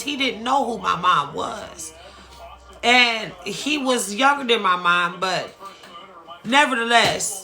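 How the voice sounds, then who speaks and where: Slow, bright-voiced woman telling a story. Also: mid-range voice. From Dayton, Ohio, US. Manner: emotional, repeats phrases, slow and earnest. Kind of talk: personal storytime monologue.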